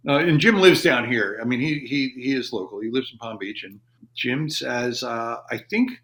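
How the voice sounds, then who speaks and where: A man's voice: medium pitch, moderate pace, fairly bright tone. A man in his fifties, an army veteran guesting on a podcast in a studio, telling long casual stories and acting out what people said to him. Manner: rambling anecdotes, acting out quoted dialogue. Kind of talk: casual storytelling.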